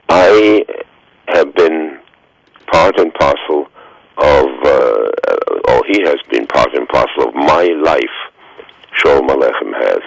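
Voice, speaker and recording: A very deep-voiced man in his nineties, with vocal fry, speaks as a guest on a radio interview over a phone line. He tells stories slowly and haltingly, filling gaps with lots of fillers, and there's no echo.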